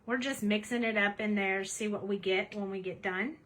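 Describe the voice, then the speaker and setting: A woman's voice: mid-range voice, fairly even intonation, normal speed, a bit bright, rough recording. A woman hosting a casual craft demonstration at her home desk, chatty and cheerful as she narrates each step. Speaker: craft tutorial host.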